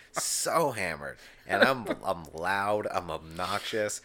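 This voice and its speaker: Very low-voiced man in his thirties, bright edge in the tone, swears freely while telling stories. Podcast co-host. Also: takes it slowly. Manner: profane, animated storyteller. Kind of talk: casual chat.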